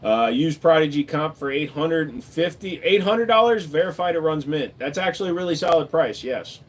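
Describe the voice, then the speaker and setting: A man's voice: fairly high pitch, expressive, moderate pace. A man hosting a livestream, reading chat and answering in a laid-back, joking way, swearing casually and saying "dude" a lot.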